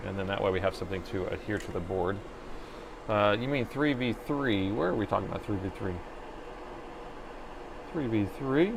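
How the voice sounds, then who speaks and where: A man's voice: fairly low pitch, lively intonation, moderate pace, gravelly, long pauses, noisy background. Man narrating a laptop repair livestream. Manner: joking with chat, narrating his repair steps. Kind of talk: casual live-stream chat while working.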